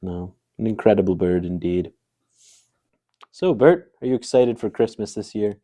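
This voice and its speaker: A man playing a deadpan late-night host with a very dark voice. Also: fairly low pitch, moderate pace, dry recording, close to an everyday voice. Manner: deadpan, mock-earnest interviewer. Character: mock-earnest middle-aged male late-night host. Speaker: talk show host. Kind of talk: improvised sketch comedy.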